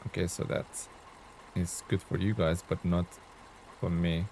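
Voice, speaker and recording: A male streamer with a fairly low voice talks his way through a live gameplay session, greeting viewers and reacting as he drives. His tone stays casual and chatty throughout. A faint background hum sits under his voice. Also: little pitch movement, unhurried, a little mellow. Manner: chatty, greets and thanks chat while playing. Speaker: game streamer.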